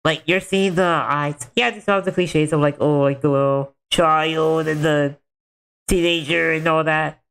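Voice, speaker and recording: A man's voice: fairly high pitch, steady tone, unhurried, vocal fry, fairly bright tone, clear, resonant tone. A man streaming a game, chatting casually in a rambling way full of filler words. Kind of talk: casual chat while gaming.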